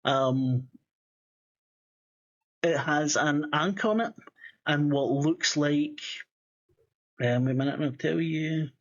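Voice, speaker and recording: A man's voice: fairly high pitch, slow pace, long pauses, highs cut off. A man running a tabletop game as game master, rambling and swearing, full of fillers and restarts.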